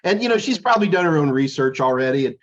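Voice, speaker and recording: A man's voice: on the high side, expressive, very fast, dull audio. A man co-hosting a podcast in casual chat, telling jokey, rambling stories. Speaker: podcast co-host.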